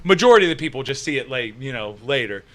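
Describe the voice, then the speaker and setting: Lively bright-voiced man bantering. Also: medium pitch, racing. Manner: profane, laughing, teasing. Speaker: co-host of a live stream show. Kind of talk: casual banter on a live stream.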